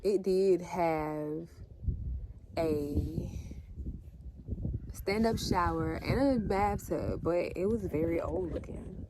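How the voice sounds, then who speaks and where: A woman with a low speaking voice shares a personal story in an earnest, heartfelt monologue, addressing her viewers directly. A steady hiss of background noise runs under the recording, as if caught on a simple camera mic. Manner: earnest, talks straight to viewers as "y'all". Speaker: vlogger telling her story.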